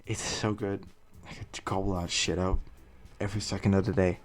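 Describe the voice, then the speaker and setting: A man's voice: low-pitched, flat delivery, moderate pace. A young man giving rambling, casual commentary on a game he is playing, swearing freely and laughing at his own jokes. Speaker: let's play gamer.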